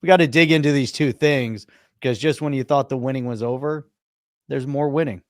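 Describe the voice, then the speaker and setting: A man's voice: medium pitch, fairly quick, dry recording. Upbeat male show host, dry sound. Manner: upbeat, hyping up the topics. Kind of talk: live-stream show intro and chat.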